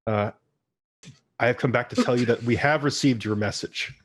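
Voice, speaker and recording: A man's voice: medium pitch, moderate pace, lightly acted. A man voicing a cheerful, polite translucent stranger in a tabletop game. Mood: earnest.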